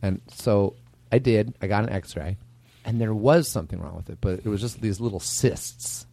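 A middle-aged man, a podcast guest, telling a story in casual chat, animated and prone to repeating himself. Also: on the low side, moderate pace, creaky, dry recording.

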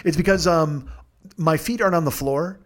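A man's voice: on the high side, moderate pace. A man hosting a comedy podcast, delivering a rambling, profane monologue full of absurd, self-mocking tangents. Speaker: podcast host.

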